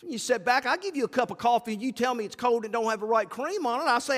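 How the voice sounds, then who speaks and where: A male pastor with a drawl preaches in a folksy, lively style, his fairly high voice leaping up and down in pitch. The sound carries a long church reverb. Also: fast. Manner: folksy, animated preaching with acted-out asides. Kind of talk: sermon. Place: church sanctuary.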